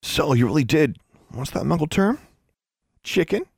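A man's voice: fairly high pitch, very animated, normal speed, vocal fry, darkish tone, slightly rough, no room sound, clean studio sound, pitched above the performer's own voice, full character voice. A man voicing a smug, taunting schoolboy wizard in an audiobook. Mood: gloating.

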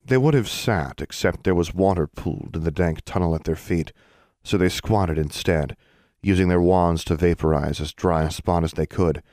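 A man reading a fantasy novel aloud in steady, even scripted narration. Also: sits low, moderate pace, no echo, studio quality. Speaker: audiobook narrator.

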